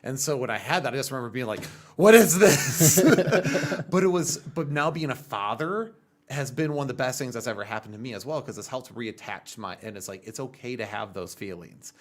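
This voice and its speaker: A man's voice: medium pitch, quick pace. A man in his thirties hosting a casual podcast chat, talking earnestly and telling stories with bursts of laughter. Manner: earnest, animated storytelling with laughs. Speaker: podcast host.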